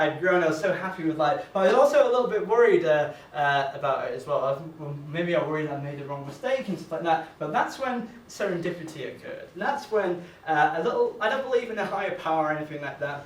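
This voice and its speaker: A man doing a stand-up comedy set, halting and rambling with lots of uhs and restarts. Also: a little high, fairly bright tone, slight background noise. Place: comedy venue stage. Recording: echoey room from a distance.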